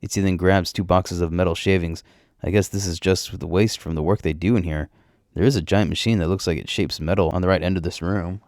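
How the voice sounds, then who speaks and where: A man narrating a story in the first person, in a plain, steady way. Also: sits low, brisk, no echo, studio quality.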